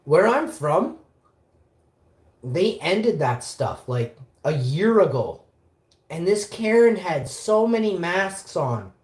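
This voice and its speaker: Animated woman telling a story. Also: fairly low pitch, slow pace, roomy sound. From Winnipeg, Canada. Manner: animated, swearing, acts out quotes. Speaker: livestreamer. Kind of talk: casual storytelling livestream.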